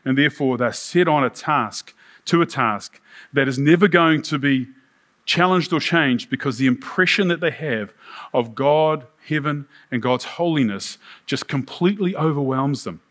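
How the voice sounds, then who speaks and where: A man's voice: mid-range voice, normal speed, fairly bright tone. A man preaching a sermon, reading scripture aloud and then talking it over in a casual way with asides.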